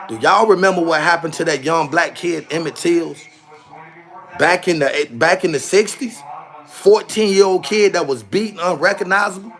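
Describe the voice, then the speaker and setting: Man, high voice, livestream rant, preachy, repeats himself. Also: fairly bright tone. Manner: preachy, repetitive, fired-up. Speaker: live stream commentator.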